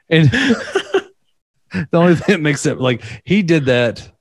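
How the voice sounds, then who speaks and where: A man's voice: a little high, sing-song, slow, long pauses, slight background noise. A young man chatting casually, rambling through a story, often laughing and acting out the quotes. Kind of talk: casual podcast chat.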